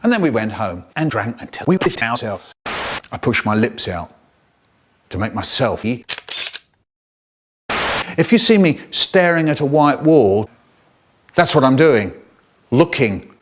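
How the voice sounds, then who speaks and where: A man telling spliced comic stories in an animated way, jumping between voices. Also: mid-range voice, a little slow, pauses often, background noise. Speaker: storyteller.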